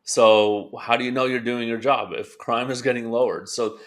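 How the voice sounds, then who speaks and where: A man's voice: mid-range voice, steady tone, normal speed. A man co-hosting a political talk show, explaining his views steadily and asking rhetorical questions. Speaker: podcast co-host. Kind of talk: political commentary chat.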